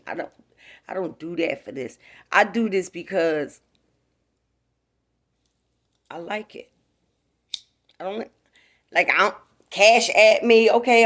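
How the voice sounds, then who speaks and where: A woman tells a casual, profane storytime to her viewers at home. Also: lowish voice. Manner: profane, chatty, talks straight to viewers. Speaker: vlogger. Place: home, indoors.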